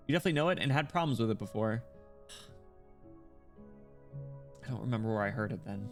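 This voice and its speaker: A man's voice: on the low side, expressive, moderate pace, long pauses. A man streaming a game, chatting casually in a rambling, filler-heavy way. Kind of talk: casual game stream chat and reading game dialogue. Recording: faint music behind voice.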